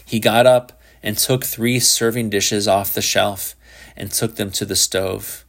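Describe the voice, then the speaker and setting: A man narrating a literary short story in a measured, unhurried reading. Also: on the low side, fairly even intonation, vocal fry, fairly bright tone.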